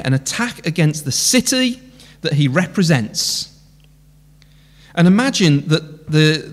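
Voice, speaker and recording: A man preaching an impassioned sermon in a church, full of rhetorical questions. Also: on the high side. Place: church hall. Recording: long church hall reverb.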